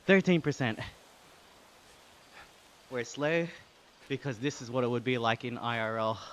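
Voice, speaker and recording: Pedaling on an indoor trainer during a livestream, this Australian-accented man reads out chat messages and thanks his viewers, breathing hard from the effort. He speaks at medium pitch, a little slowly, with a little hiss or hum in the recording.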